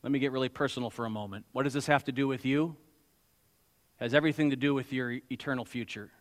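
A man preaching a sermon as pastor, emphatic, swinging between loud exclamations and quiet, slow asides. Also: mid-range voice, steady tone, in a large hall.

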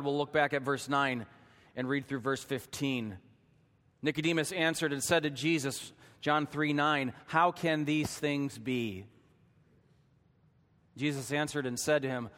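A man preaching a sermon in a church, telling a story dramatically and rising to shouts at its peak. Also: a little high, in a large hall. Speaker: pastor. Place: church sanctuary.

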